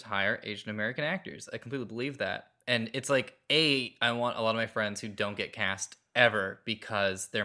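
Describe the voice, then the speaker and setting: A man co-hosting a podcast, chatting casually in an animated, jokey way. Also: fairly low pitch. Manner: animated, jokey, acts out quotes. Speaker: podcast co-host. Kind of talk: casual chat.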